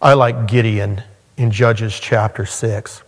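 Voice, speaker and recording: A male pastor preaching a sermon, earnest and animated, his voice climbing high when he acts out the scripture. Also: slow. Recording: long hall reverb.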